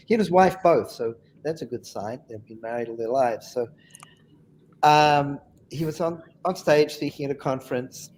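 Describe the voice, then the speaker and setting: A man's voice: mid-range voice, darkish tone, slight background noise. A man on a webinar panel telling funny anecdotes in a chatty way and laughing at his own stories.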